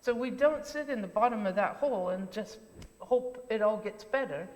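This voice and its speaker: A woman's voice: medium pitch, normal speed, a little mellow. A woman leading a children's talk at a church service, asking questions and encouraging the children in simple words. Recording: reverberant church interior.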